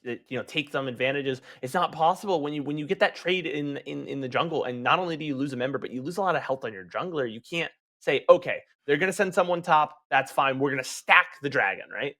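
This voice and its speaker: A man's voice: medium pitch, brisk, pushed and bright. A man giving colour commentary on an esports match, breaking down the game in a casual, chatty way with many restarts. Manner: casual, analytical, with fillers and restarts.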